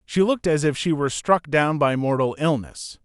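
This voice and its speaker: A man narrating a gothic audiobook in an expressive storytelling manner. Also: fairly high pitch, normal speed, clean tone, no room sound, studio quality. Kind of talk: scripted narration.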